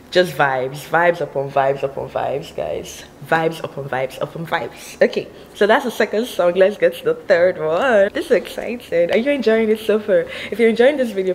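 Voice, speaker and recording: A woman's voice: lowish voice, a little mellow, a little hiss or hum, poor audio. A young woman from Nigeria chatting casually to her viewers as a vlogger, giggly and full of "like" fillers. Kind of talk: casual chat between sung songs.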